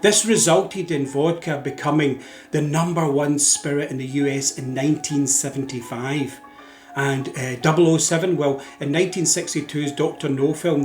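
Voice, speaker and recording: A man presenting a narrated educational talk in a measured, informative way, with occasional fillers. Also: on the high side. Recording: roomy echo with faint music.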